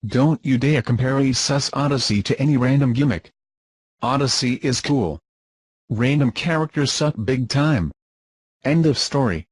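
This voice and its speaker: A man's voice: mid-range voice, normal speed, husky, no echo. A man reading scornful, dismissive commentary in formal wording. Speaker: commentator being rebutted. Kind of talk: scripted insult commentary.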